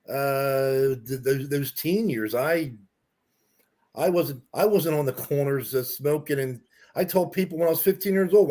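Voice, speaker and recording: A man co-hosting a podcast, telling self-deprecating stories in a halting, casual way. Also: a little high, a little mellow. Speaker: podcast co-host. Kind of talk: casual chat.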